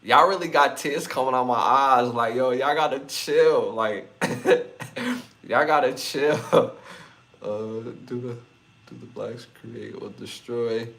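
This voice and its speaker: A man's voice: medium pitch, expressive, slow pace, gravelly, fairly bright tone. A young man from New hosting a live podcast, chatting loosely and laughing a lot as he reads comments. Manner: laughs often, loose slangy banter. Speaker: podcast host. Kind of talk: casual live-stream chat reading comments.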